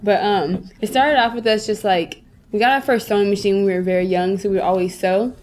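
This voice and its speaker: An enthusiastic young woman from Minnesota speaks as a guest on a podcast. Her pitch sits in the middle, and she talks freely with plenty of "like" and "you know". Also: fairly even intonation, a little fast, a little mellow. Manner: enthusiastic, uses many fillers. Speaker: guest, eyewear designer. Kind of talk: casual podcast interview.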